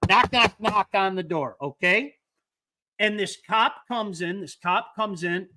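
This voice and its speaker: Male host, high voice, bright tone, casual chat, animated storytelling, repeats words. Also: slow pace.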